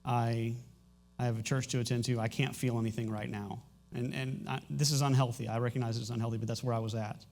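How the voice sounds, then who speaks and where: Candid middle-aged pastor, halting and emotional. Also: male voice, medium pitch, little pitch movement, vocal fry, darkish tone. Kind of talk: sermon announcements and personal testimony. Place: church sanctuary.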